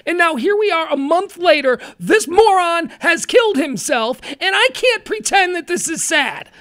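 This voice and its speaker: Talk radio host, incredulous rant, high and swooping, close dry mic. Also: moderate pace, few pauses, dry recording. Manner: ranting, incredulous, animated. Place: radio studio.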